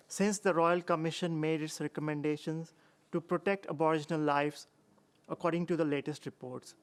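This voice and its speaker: Smooth higher-voiced man asking a question. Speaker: audience member asking a question. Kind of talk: reading a prepared question.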